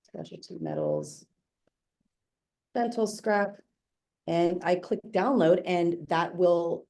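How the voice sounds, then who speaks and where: A woman walks viewers through a software demo on a video call. Her voice sits low and mellow. She talks in a chatty, upbeat way, with quick self-corrections. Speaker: webinar presenter demoing software. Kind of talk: live product demo.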